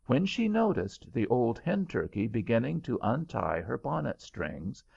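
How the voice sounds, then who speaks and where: Man, storybook narration, heavy gravelly fry, husky tone, dull lo-fi audiobook sound. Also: mid-range voice, sing-song, measured pace, a little mellow.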